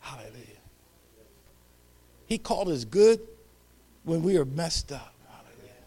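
A man preaching a sermon, leading call-and-response and dropping to whispered hallelujahs between loud calls. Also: a little high, expressive, normal speed.

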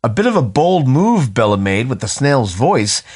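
A man's voice: mid-range voice, sing-song, normal speed, darkish tone, breathy edge. A middle-aged man co-hosting a casual podcast, reading out listener messages in a dry, teasing way and laughing often.

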